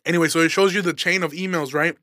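A young male comedian from Illinois rattles off a story at a rapid clip, swearing freely and staying fired up throughout. His voice sits a little high and has a bright, forceful edge. It is recorded close and dry, with no room sound. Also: no room sound. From Aurora, Illinois, USA. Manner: profane, animated, fired-up. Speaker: stand-up comedian, podcast host. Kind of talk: casual storytelling rant.

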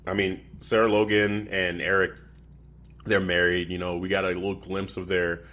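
A man with a fairly low voice co-hosts a casual wrestling chat. He talks in an animated, incredulous way and laughs often as he talks. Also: normal speed. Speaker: podcast co-host.

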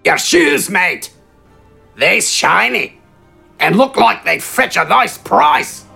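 A large, scraggly thug, rough and greedy, barking a threat in a voice pitched well above a plain speaking voice, as a male narrator puts him on. He sounds pushy and coarse, a storybook heavy. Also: very animated, slow, bright, forceful tone, faint music behind, full character voice. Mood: menacing.

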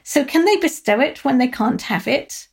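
A woman professor giving a thoughtful literature lecture, pausing often with uh and um. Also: sits high, lively intonation, creaky, husky. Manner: thoughtful, with frequent uh and um.

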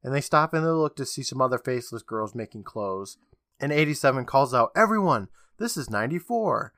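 A man's voice: medium pitch, brisk, a bit bright, dry recording, clean studio sound. A man co-hosting a casual podcast, recapping episodes with a chatty manner, acting out quotes and laughing often.

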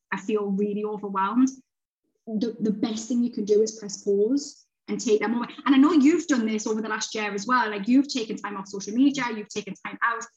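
Animated woman, slightly lo-fi. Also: mid-range voice. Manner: animated, swearing, talks in quoted self-talk. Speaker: author and guest. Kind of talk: casual podcast chat. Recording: slightly dull, lo-fi sound.

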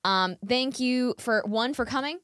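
A woman's voice: fairly high pitch, a little slow, noisy background. A woman hosting a podcast interview, talking earnestly and emphatically, often repeating her phrases. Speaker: podcast host. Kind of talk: casual interview chat.

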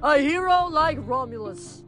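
A woman's voice: high voice, expressive, a little slow, fairly bright tone, soft background music, voice pushed up. A woman reading aloud, voicing a stern, disapproving male Roman war god.

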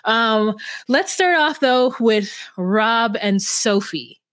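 A woman's voice: fairly high pitch, expressive, takes it slowly, fairly bright tone, no echo, clean studio sound. A woman co-hosting a podcast, talking in a laid-back, rambling way in casual chat. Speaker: podcast co-host.

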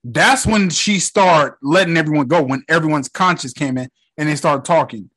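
A young man casually recapping a movie, swearing freely and retelling the scenes with excitement. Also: a little high, normal speed, husky. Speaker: movie reviewer.

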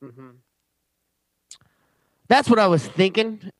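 A man co-hosting a trivia podcast in casual chat, teasing and thinking out loud. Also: sits high, expressive, slow, no echo. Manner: playful, thinks aloud, teasing.

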